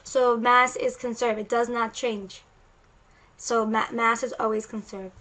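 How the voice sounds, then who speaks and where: A woman's voice: a little high, little pitch movement, unhurried, pushed and bright, poor audio. A woman science teacher giving a casual recorded lecture, explaining chatty and loose with frequent restarts.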